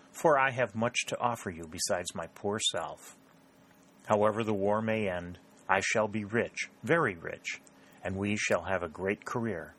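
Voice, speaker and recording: A man's voice: lowish voice, fairly bright tone. A man reading a proud, ardent male secretary who pleads his love in an audiobook.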